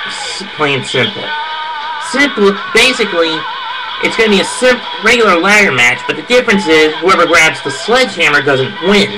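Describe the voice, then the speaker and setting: A fairly high-voiced man talks through his predictions in a loose, casual monologue. He gets opinionated and heated. Music plays clearly underneath him the whole time. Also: low-quality recording. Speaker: wrestling fan giving event predictions.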